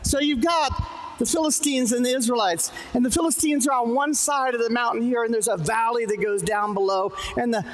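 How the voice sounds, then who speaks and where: A man's voice: very high voice, a little fast. A man preaching a sermon in a church, talking in a loose conversational way and joking with the congregation. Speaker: pastor. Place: church sanctuary. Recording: echoey hall, live church stream. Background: church hall reverb.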